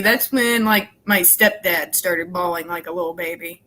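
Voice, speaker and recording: A woman's voice: fairly low pitch, moderate pace, sharp tone, rough recording. A woman in a casual chat, talking bluntly and emphatically.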